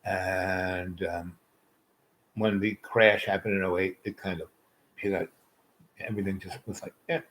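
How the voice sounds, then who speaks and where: A man's voice: low voice, flat delivery, unhurried, pauses often, fairly bright tone, a little hiss or hum, rough recording. A man telling a rambling personal story, loose and full of fillers and asides.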